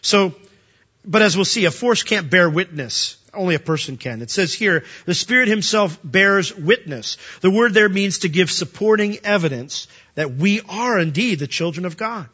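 A man preaching a sermon, animated and emphatic, often asking the listeners questions. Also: sits high, normal speed, husky, dull audio.

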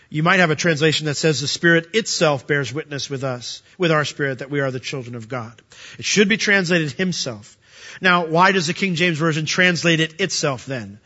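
A man preaching a sermon, animated and emphatic, often asking the listeners questions. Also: high voice, lo-fi sound.

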